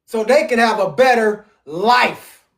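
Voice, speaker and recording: A man's voice: high voice, animated, slow. A man teaching scripture from home, preaching emphatically and reading verses aloud. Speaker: religious teacher. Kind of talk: scripture teaching on a live stream.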